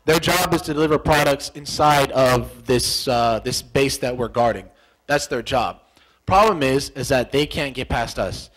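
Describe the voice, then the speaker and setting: A young American man, formerly a soldier, recounts a tense memory in a relaxed sit-down interview. His storytelling is animated and full of repetition, and he slips into the voices of the people in the story. His pitch sits in an ordinary middle range. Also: moderate pace, low-quality recording. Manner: animated, repetitive storytelling that acts out remembered dialogue.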